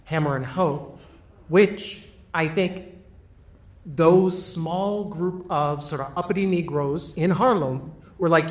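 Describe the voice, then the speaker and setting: A man giving a reflective, earnest talk as a panel speaker, pausing on fillers. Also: fairly high pitch. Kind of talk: public talk. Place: packed room.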